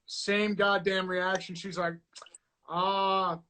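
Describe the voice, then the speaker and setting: A man with a fairly high voice spins a casual, animated story, slipping into the voices of the people in it. The audio is a noisy live-stream recording with a constant hiss behind him. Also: slow. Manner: animated, acts out quoted voices. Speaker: co-host.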